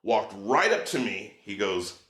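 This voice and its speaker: A man guest on a chat podcast, telling an animated story, swearing freely and acting out the people in it. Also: lowish voice, measured pace, echoey room.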